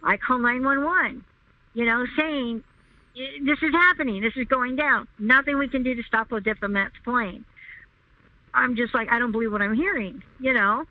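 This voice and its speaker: A woman's voice: moderate pace, no room sound. A woman recounting a personal story as an interview guest, speaking emphatically and repeating herself as she goes. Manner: emphatic, repeats herself, rising pitch when upset. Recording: tinny phone line, dry.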